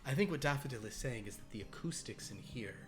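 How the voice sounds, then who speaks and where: A man voicing a hesitant, polite female busker singer who speaks softly and halts with many ums. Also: medium pitch, expressive, over music, natural voice. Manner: halting, soft-spoken, full of ums.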